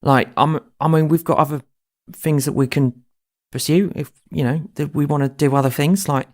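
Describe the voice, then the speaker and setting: A man playing a tabletop game in character, speaking hesitantly and halting with many ums. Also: on the high side, fairly even intonation. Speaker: player.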